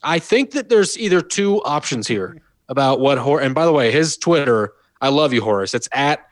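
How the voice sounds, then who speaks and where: A man's voice: mid-range voice, animated, normal speed, no echo. A man hosting a casual sports podcast, amused and laughing as he talks. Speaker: podcast host.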